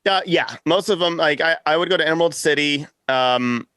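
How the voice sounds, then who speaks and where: A man in an interview, telling stories in a lively way, acting out quotes and laughing often. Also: a little high, brisk, clean tone, dry recording. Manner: animated storyteller, acts out quotes, laughs often. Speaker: podcast network founder, guest. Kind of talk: casual interview chat.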